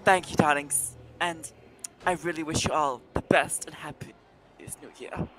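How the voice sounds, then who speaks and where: A woman's voice: low-pitched, steady tone, measured pace, a bit bright, a little hiss or hum, pitched below the performer's own voice. A woman voicing a dramatic, self-important female socialite vlogger who calls everyone darlings and shrieks when upset. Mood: posh vlog. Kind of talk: role-play vlogging.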